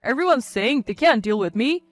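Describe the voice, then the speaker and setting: A woman's voice: on the high side, animated, normal speed, faint music behind, close to an everyday voice. A woman voicing a man, a blunt, arrogant company president who turns to whiny pleading, in a storybook reading.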